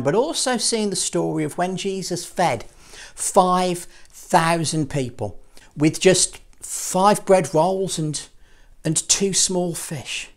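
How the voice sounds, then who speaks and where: A man telling a Bible story to children in a playful, dramatic way. His voice is very lively, rising high and dropping low as the story goes. He sounds like a children's ministry puppeteer. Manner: playful, dramatic, with lots of vocal swings.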